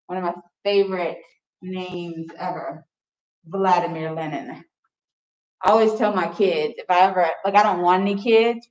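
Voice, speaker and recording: A woman's voice: lowish voice, darkish tone. A young woman teacher giving a chatty history lecture to her class, joking with students. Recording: echoey classroom, distant mic.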